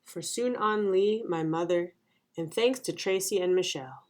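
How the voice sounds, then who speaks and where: A storytime host reading a children's picture book aloud. The narration is clear and gentle, in a mid-pitched voice. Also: normal speed. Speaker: storytime reader.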